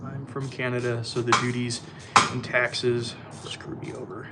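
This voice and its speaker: An easygoing man chats through a live stream, answering viewer comments and apologizing with a laugh. His voice sits at an ordinary middle pitch. Clear background noise runs under it. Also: little pitch movement, normal speed. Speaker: livestream host. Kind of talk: casual live-stream chat reading comments.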